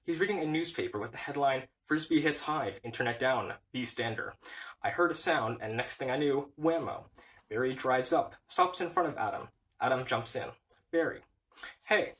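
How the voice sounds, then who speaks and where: A man reading a whole film script aloud, stage directions included, in a flat, steady way. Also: medium pitch, far from the mic, poor audio. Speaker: reader.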